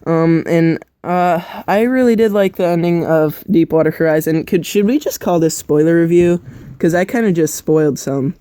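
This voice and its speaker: A man's voice: on the high side, moderate pace, mellow, clean tone, dry recording. A young man co-hosting a casual movie review chat, blunt and opinionated.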